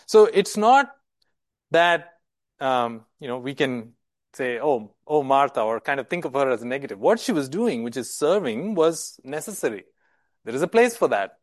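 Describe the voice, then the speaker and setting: A man's voice: medium pitch, sing-song, moderate pace, dry recording. A male preacher giving a sermon in an emphatic way, often repeating words and asking rhetorical questions.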